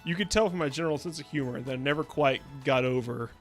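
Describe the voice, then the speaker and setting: Talking fast in a medium pitch, this young VTuber chats loosely while playing a game, laughing a lot and drifting into goofy sing-song bits. Faint music plays behind him.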